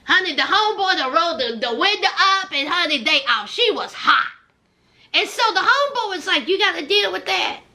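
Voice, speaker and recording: A woman's voice: very high voice, sing-song, a little fast, sharp tone. A woman with a Southern US accent giving sassy, emphatic commentary on a reality show, speaking straight to her viewers. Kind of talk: casual commentary.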